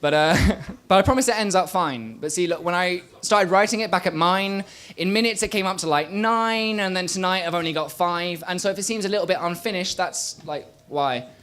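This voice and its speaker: A young man performing a spoken word poem on a small stage, rhythmic, swinging from loud bursts to quiet murmurs. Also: sits high, fairly quick, few pauses, clean tone. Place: small live venue stage.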